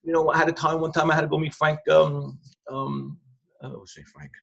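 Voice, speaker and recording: A man's voice: on the high side, little pitch movement, fairly quick, vocal fry, a bit bright. An older man telling casual, rambling anecdotes in blunt street grammar as an interview guest. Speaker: former crime crew associate, guest. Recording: dull lo-fi sound.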